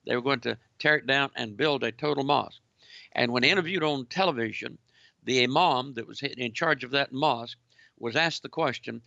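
A man hosting a call-in radio show, delivering a preachy, emphatic monologue that keeps returning to "ladies and gentlemen". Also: mid-range voice, moderate pace, creaky, no echo, lo-fi sound. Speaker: radio talk show host.

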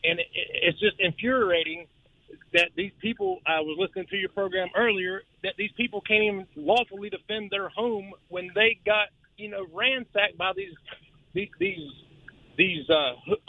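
A man's voice: high-pitched, dry recording. A man calling in to a radio show, agitated and stammering as he talks. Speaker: caller. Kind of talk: phone-in radio call. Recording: tinny phone line.

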